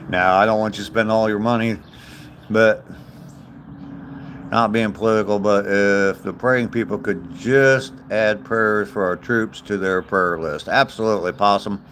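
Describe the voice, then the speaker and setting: Older man, low-pitched and unhurried, chatty host reading viewer comments outdoors with faint background noise. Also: steady tone, fairly bright tone. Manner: chatty, greets viewers by name, chuckles. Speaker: livestreamer reading viewer chat. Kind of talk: casual livestream chat. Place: outdoors on a walk.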